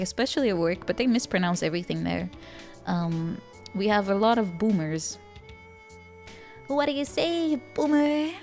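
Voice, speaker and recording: Giggly Dutch woman chatting on stream. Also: on the high side. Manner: giggly, playful, frequent laughter and stammered restarts. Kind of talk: casual chat with stream viewers.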